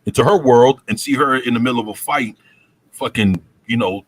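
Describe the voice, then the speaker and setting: A man's voice: medium pitch, fairly quick. A man co-hosting a casual chat, rambling with lots of fillers and profanity. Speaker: co-host.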